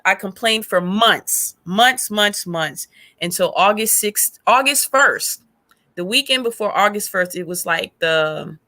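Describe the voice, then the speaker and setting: A woman guest on a faith podcast, retelling a hard stretch of her life as an animated storyteller who acts out past conversations. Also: medium pitch. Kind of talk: emotional personal testimony.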